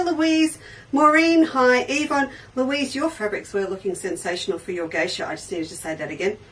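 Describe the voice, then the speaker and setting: Greeting each viewer by name, a bubbly woman with a fairly high voice chats her way through a casual quilting livestream she hosts. She's recorded from a distance, and the audio is poor.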